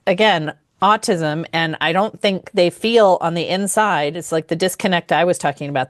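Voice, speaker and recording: Low-voiced middle-aged woman, dry and close. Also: dry recording. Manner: thoughtful, hesitant, laughs often. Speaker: podcast co-host; mother. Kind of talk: casual chat.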